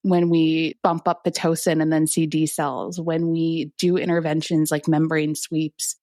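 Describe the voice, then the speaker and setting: A woman physician speaks in a fairly low voice with a gravelly, creaky edge. She explains in a calm, clinical way, recorded close and dry with no room sound. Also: measured pace, no room sound. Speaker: physician guest. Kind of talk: conversational interview.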